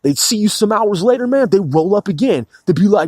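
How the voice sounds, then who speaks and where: A man's voice: high voice, lively intonation, a little mellow, dry recording. A man in his forties rambling through a casual solo podcast monologue, profane and peppered with "man" and "bro". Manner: rambling and profane, fills every pause with "man". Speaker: podcast host.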